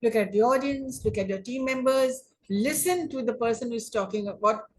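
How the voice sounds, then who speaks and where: A woman teaching an online English class on debating, speaking deliberately and often rephrasing her points. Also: fairly high pitch, poor audio. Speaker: English lecturer.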